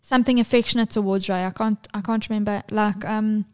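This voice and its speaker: A woman, co-hosting a podcast and telling lively, sweary stories about her toddler. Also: medium pitch, fairly quick. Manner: animated storyteller, swears freely, mimics her toddler's voice. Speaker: podcast co-host. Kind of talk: casual podcast chat.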